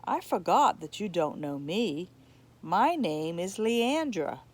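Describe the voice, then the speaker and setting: A woman's voice: on the low side, big pitch swings, slow pace, a little mellow, exaggerated voice. A woman voicing an overjoyed woman freed from a curse, breathless and astonished in a storybook reading. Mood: amazed.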